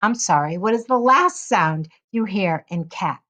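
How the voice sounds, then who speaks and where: A woman giving an instructional lesson, carefully modeling sounds in a slow, deliberate way. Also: mid-range voice, lively intonation, pushed and bright, dull audio. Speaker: teacher educator.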